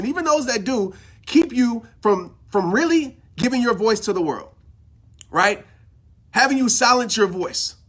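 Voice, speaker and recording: Fired-up high-voiced male motivational speaker. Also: pushed and bright. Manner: fired-up, preachy, repeats phrases for emphasis. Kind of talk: impassioned motivational talk.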